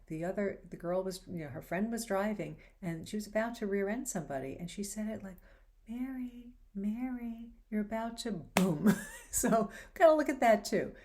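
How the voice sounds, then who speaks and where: A woman with a slightly low voice hosts a faith-based advice show. She talks in a relaxed, chatty way and slips into acted-out lines with lively changes of tone. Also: vocal fry. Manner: animated, acts out quoted lines. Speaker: host. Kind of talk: casual advice talk.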